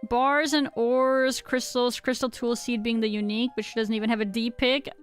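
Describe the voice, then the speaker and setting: A woman's voice: on the high side, little pitch movement, normal speed, smooth, faint music behind. A woman in her thirties streaming a game, chatting casually and rambling as she answers her chat, with a slightly sick voice.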